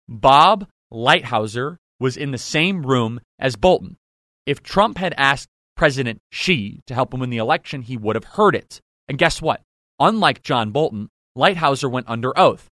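A male host delivers a heated political commentary monologue in an indignant, sarcastic tone, firing off rhetorical questions. His voice sits at an ordinary middle pitch for a man. The recording is close and dry, with no room sound. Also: animated, moderate pace, fairly bright tone, dry recording.

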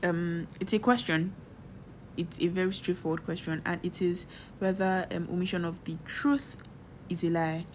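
A woman's voice: on the low side, fairly even intonation, normal speed, slight background noise. A woman co-hosting a casual podcast, teasing and arguing with her co-host and laughing often. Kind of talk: casual banter.

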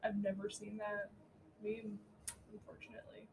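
A woman co-hosts a podcast in a mid-range, slightly mellow voice, speaking at normal speed with a completely flat delivery. She chats casually about astrology and spirituality, swearing freely and laughing often, over slight background noise.

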